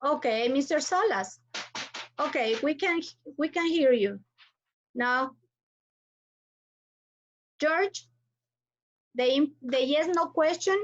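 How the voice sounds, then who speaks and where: A woman's voice: high-pitched, slow, pauses often. A woman teaching English to a class online, with an Ecuadorian Spanish accent and Spanish as her first language, patiently calling on students and repeating their names and cues. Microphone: computer mic on a video call. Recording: dull lo-fi video call audio.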